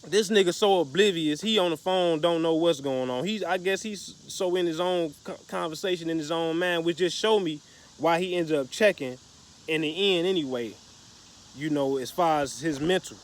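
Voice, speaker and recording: A man's voice: a little high, normal speed. A man casually telling a story to the camera, profane and slangy, rambling with restarts. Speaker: vlogger.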